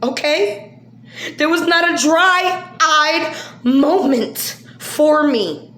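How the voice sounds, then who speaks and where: A woman talking casually to her viewers, upset and emotional, sighing between soft lines and loud bursts. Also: high voice, echoey room, a little hiss or hum. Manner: emotional, swings from soft sighs to loud outbursts. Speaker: vlogger.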